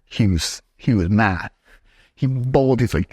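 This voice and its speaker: A young man preaching a sermon as pastor in a church, animated and talking straight to his congregation. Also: lowish voice, unhurried, slightly rough. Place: church sanctuary.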